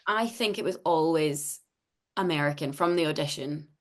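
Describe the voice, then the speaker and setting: A Scottish woman voice actor with a low voice and a neutral Scottish accent chats casually as an interview guest over a video call. Speaking at normal speed, she laughs often and restarts her sentences.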